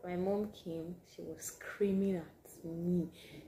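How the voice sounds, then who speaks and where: Animated woman vlogger. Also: on the low side, slow pace. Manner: animated, drops to hushed asides. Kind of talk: casual storytelling to camera.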